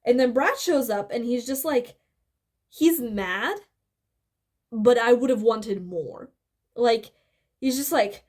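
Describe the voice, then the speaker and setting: A young woman giving a casual, animated film critique, rambling with fillers and restarts and briefly acting out scenes. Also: a little high. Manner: acts out scenes with quick voices. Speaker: video essayist. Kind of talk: casual opinion commentary.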